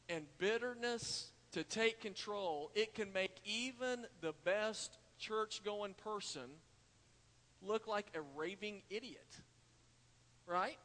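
In a church hall full of reverb, a male pastor preaches with a high, sharp-toned voice. He tells a folksy story and speaks to the congregation as "y'all."

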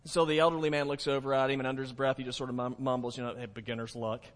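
A male pastor, preaching a folksy sermon that jokes with the congregation and slows down for emphasis. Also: mid-range voice, fairly even intonation. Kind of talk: sermon with a told joke. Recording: long hall reverb.

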